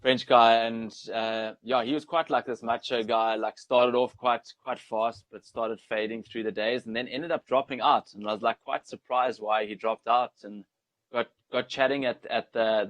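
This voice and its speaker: A man's voice: medium pitch, fairly even intonation, normal speed, a bit bright, highs cut off. A young South African man with a South African accent, telling stories in a rambling, laid-back way as a guest on an interview show. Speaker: guest, ultra trail runner. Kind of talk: casual interview storytelling.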